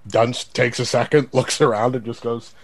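A man taking part as a player in a tabletop game, speaking in a relaxed, hesitant, joking way. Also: mid-range voice, moderate pace, no echo. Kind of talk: casual tabletop play.

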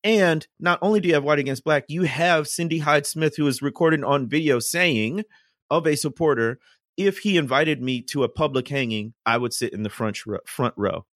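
A man's voice: fairly high pitch, moderate pace, fairly bright tone, dry recording. Earnest man explaining politics, dry sound. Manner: earnest, explanatory, cites scripture. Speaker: podcast co-host. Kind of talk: casual political discussion.

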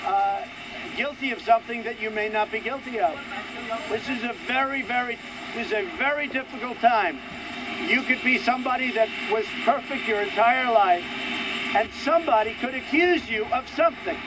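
A man doing a whiny high-pitched TV pundit. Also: normal speed, dull audio, noisy background. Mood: self-pitying. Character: smug young man defending himself on TV.

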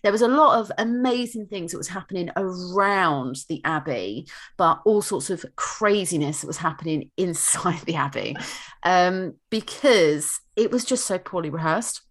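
A woman with a fairly low voice co-hosts a casual history chat. She tells the story in a chatty way and drops quick asides as she goes. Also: animated. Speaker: podcast co-host.

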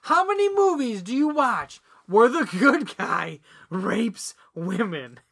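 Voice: mid-range voice, very animated, takes it slowly, creaky, a bit bright. A podcast co-host reviewing a movie in casual banter, rambling and giggly, with lots of fillers.

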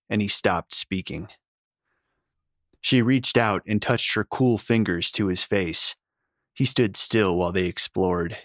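A man narrating a story in a steady, measured reading style. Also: on the low side, no echo, studio quality. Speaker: audiobook narrator. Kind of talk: scripted narration.

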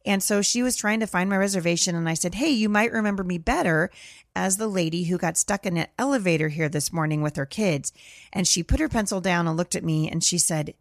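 A woman's voice: fairly low pitch, a little fast, no room sound, studio quality. A middle-aged woman hosting a podcast, telling stories in an earnest, conversational way. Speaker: podcast host. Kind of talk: casual commentary monologue.

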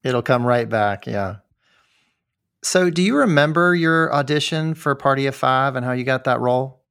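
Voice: medium pitch, moderate pace, fairly bright tone, smooth. An interviewer asking questions in an easy, attentive conversational manner.

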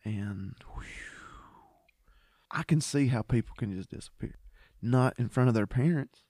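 A man's voice: medium pitch, a little slow, mellow, no echo, studio quality. A man co-hosting a podcast in casual chat, laid-back, swearing and laughing often. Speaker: podcast co-host.

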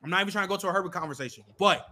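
A man on a sports debate show who talks fast and keeps cutting in to take the floor. His voice sits a little high. There is a faint hiss behind him. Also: bright, forceful tone. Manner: cuts in, repeats hold on.

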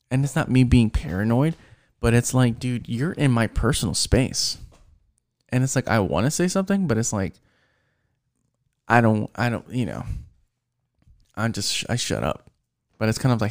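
A young man with a gravelly, fry-laden voice rants casually about work, swearing freely and circling back over his points. He sounds fed up and talks in loose, restarting bursts. The sound is dry and close, with no room echo. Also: mid-range voice, sing-song, moderate pace, darkish tone. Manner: rambling, frustrated, swears often, restarts sentences. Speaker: vlogger venting about work. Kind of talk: casual profane rant.

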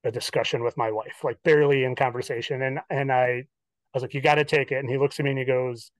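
A man's voice: mid-range voice, fast, dry recording. A young man telling a long personal story on a podcast as a guest, acting out what people said, with lots of "like" fillers. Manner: animated, acts out quoted dialogue, many "like" fillers. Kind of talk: casual storytelling chat.

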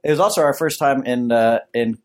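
A man's voice: mid-range voice, fairly quick, a little mellow. A man from the United States co-hosting a comedy podcast, telling stories in a rambling, restarting way. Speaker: podcast co-host. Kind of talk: casual chat.

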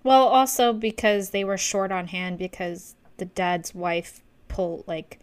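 A woman in casual chat, chiming in with quick agreement and short remarks. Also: mid-range voice, steady tone.

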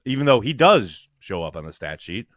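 A man co-hosting a podcast in casual sports chat, animated and swearing, with quick restarts. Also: lowish voice, no echo, studio quality. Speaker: podcast co-host.

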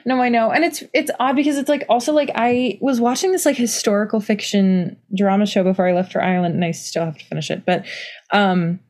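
Young woman rambling through a book club chat, says like constantly, medium pitch. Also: steady tone, a little fast, darkish tone. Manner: rambling, full of "like" fillers and restarts. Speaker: podcast co-host.

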